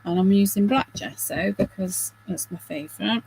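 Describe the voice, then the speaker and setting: A woman's voice: medium pitch, moderate pace, a little mellow, a little hiss or hum, poor audio. A middle-aged woman hosting a craft video, chatting casually and self-deprecatingly while she works, with giggly asides.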